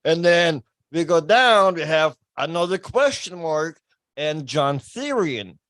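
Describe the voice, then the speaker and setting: A man speaks as a guest in a casual chat, running through a tournament bracket in quick, laughing asides. His voice sits high, and the sound is close and dry. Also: animated, a bit bright, no room sound. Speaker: podcast guest, arm wrestler.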